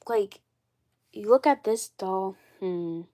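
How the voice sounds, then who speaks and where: A woman's voice: mid-range voice, slow pace, mellow. A woman with a cold, sounding congested, chatting casually on a live stream and rambling with lots of fillers and repeats. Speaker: doll collector vlogger.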